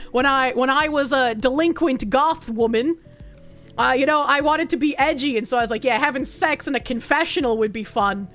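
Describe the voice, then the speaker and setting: A woman's voice: on the high side, moderate pace, soft background music. Bawdy, joking young woman streamer. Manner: bawdy, joking, laughs often. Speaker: streamer reading chat. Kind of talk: casual livestream chat.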